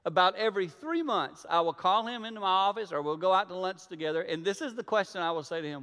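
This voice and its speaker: High-voiced preacher in a reverberant hall. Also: male voice, quick pace, hardly any pauses, smooth. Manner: storytelling, acts out dialogue, swings from hushed to loud. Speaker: pastor. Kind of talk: sermon. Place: church sanctuary.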